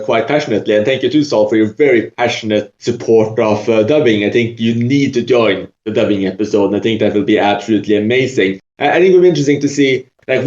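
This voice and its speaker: A man's voice: mid-range voice, a little mellow. Upbeat man on a dull, echoey mic. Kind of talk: casual podcast discussion. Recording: echoey, dull lo-fi room sound.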